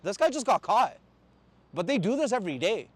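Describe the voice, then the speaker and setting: Blunt, profane man, high voice. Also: big pitch swings, fairly quick, no echo. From Canada. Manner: blunt and profane, rising to angry outbursts. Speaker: truck driver. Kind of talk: heated casual rant.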